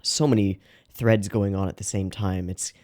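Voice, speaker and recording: A young man hosting an anime reaction show, rambling in a casual, excitable way and often correcting himself mid-sentence. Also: fairly low pitch, normal speed.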